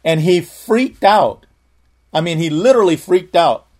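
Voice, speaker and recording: A man's voice: on the high side, expressive, measured pace, darkish tone. A man preacher telling a personal testimony in a sermon, earnest and full of restarts. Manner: earnest storytelling, frequent restarts.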